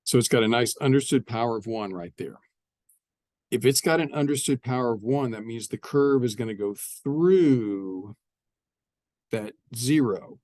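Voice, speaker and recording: A man's voice: mid-range voice, unhurried, darkish tone, dry recording. Guy teaching math, says things twice, dry close sound. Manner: repeats phrases, explains step by step. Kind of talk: classroom math lecture.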